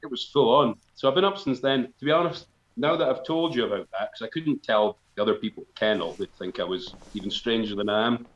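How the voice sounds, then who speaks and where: A man's voice: mid-range voice, quick pace, hardly any pauses. A man spins a rambling, self-mocking yarn over a live stream. He often stops to laugh at himself. The audio sounds roomy and a little dull, like a stream captured in an echoing indoor space. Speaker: folk band member on live stream. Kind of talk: casual storytelling.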